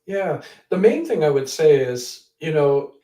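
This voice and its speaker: A man with a slightly high yet mellow voice tells an animated story in an interview, jumping into the voices of the people he met. He sits some way from the mic, and the room echoes around him. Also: a little slow, distant mic. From Canada. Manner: animated storyteller who acts out quoted people. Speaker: author and guest.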